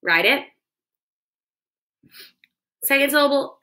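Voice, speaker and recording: A woman teacher leads a phonics lesson for young kids, breaking words into syllables slowly and clearly. Her voice is bright and forward, with a steady, encouraging manner. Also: high-pitched.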